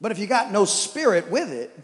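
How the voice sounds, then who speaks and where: A man from East Texas with an East Texas accent preaching a sermon as pastor, telling stories with animated, stammering restarts. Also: sits high, brisk, long reverb tail. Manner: animated storytelling with repeated restarts.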